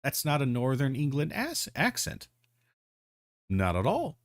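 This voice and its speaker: A man's voice: medium pitch, huge pitch swings, measured pace, no echo, studio quality. A man giving casual, rambling video commentary, full of ums, restarts and the odd swear word.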